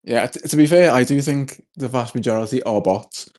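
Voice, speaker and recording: A middle-aged man with a Scouse accent, chatting in a relaxed way as a podcast guest. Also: mid-range voice, brisk. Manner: relaxed, laid-back. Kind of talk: casual chat.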